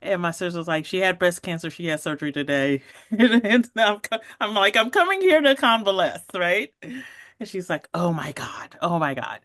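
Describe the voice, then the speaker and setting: A woman in her forties telling her own story as a podcast guest, lively, laughing often and acting out the voices of people she quotes. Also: lowish voice, normal speed, no echo, clean studio sound. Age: 40s.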